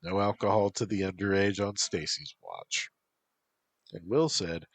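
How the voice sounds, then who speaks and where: A man's voice: low-pitched, a little slow, slightly rough, dry recording. A man reading a first-person story aloud as a wry college woman narrator. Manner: dry, wry asides. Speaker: story reader.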